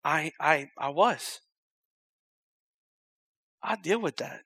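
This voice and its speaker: A man's voice: fairly high pitch, expressive, very slow, long pauses, slightly rough, no echo. Impassioned male preacher, dry close voice. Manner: swings from loud urgent repetition to hushed near-whispered intimacy. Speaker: pastor. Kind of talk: sermon.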